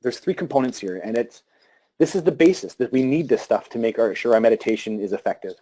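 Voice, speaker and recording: Before a live audience, a mid-range-voiced man talks calmly about breathing and meditation, pausing and restarting as he goes.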